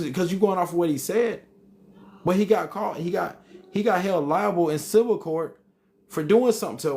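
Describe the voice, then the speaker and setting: A man's voice: a little high, darkish tone, a little hiss or hum. A man hosting a live stream, reading chat comments aloud and arguing back with emphatic repetition. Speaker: livestream host reading chat.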